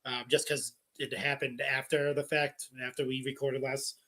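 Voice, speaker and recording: A man co-hosting a casual wrestling podcast, playful and quick to laugh. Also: medium pitch, level tone, sharp tone. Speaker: podcast co-host.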